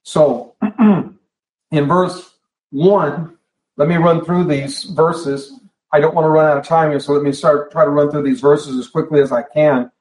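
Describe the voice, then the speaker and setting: A man's voice: a little high, fairly even intonation, unhurried, a little mellow. A man preaching a Bible study sermon in a church hall, talking in a conversational way and often restarting and repeating phrases. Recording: echoey room.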